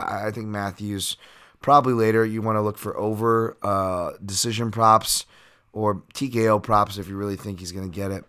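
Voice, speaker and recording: A man's voice: fairly low pitch, fairly bright tone, clear, resonant tone. A man hosting a podcast, giving a casual, rambling breakdown of fights and bets with lots of fillers and the odd swear. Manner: rambling, filler-heavy, occasional profanity. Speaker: podcast host and fight analyst. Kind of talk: casual betting breakdown monologue.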